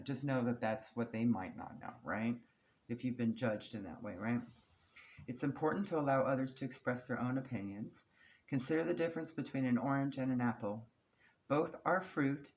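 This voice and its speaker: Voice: mid-range voice, darkish tone, muffled recording. A tarot card reader giving a casual channeled reading, reassuring and chatty, who often checks in with "okay?" and "right?". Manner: chatty, laughs now and then.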